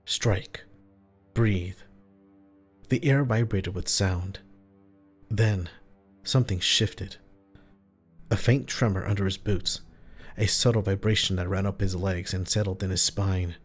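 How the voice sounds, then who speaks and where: Low-voiced man narrating horror. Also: fairly even intonation, a little slow, pauses often, husky. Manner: terse, tense short phrases. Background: faint music.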